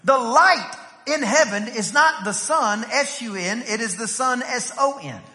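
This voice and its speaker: In a church sanctuary, a pastor with a very high, ringing, bright voice preaches a sermon at a measured pace with lively intonation. He tells family stories and climbs to shouts, a long hall reverb trailing his words.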